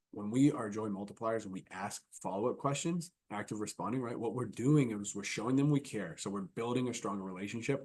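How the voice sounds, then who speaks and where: This keynote speaker's lowish voice is darkish and a little rough. He gives his conference talk conversationally, acting out examples and frequently checking in with listeners with a quick "right?"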